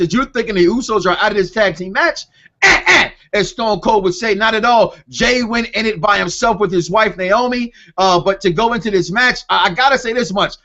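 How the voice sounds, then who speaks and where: A man co-hosting a wrestling podcast, talking in an excited, animated way and often repeating himself. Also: high-pitched. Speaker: podcast co-host. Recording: dull lo-fi call audio.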